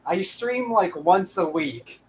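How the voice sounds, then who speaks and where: A man's voice: sits high, lively intonation, takes it slowly, a little hiss or hum. A young man hosting a history channel, wrapping up an episode in rambling casual chat full of restarts and fillers. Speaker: channel host.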